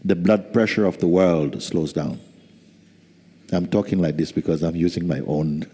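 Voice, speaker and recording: A man as spiritual teacher giving a slow, soft-spoken satsang talk with gentle humor. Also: low voice, fairly even intonation, husky. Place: large hall. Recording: reverberant hall.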